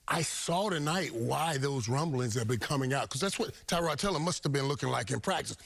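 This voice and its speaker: A man's voice: mid-range voice, lively intonation, brisk, vocal fry, hardly any pauses, fairly bright tone, husky. A man working as a studio football analyst, talking emphatically and repeating words for stress. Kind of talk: studio sports talk.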